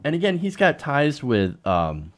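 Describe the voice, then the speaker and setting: Male host, live political commentary, sarcastic and indignant, very lively pitch swings. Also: unhurried.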